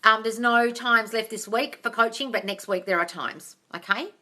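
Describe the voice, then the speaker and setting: A woman's voice: a little high, normal speed, pushed and bright. An Australian woman hosting a live Q&A, reading viewers' comments aloud, calling them darling and swearing casually. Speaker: manifestation coach host.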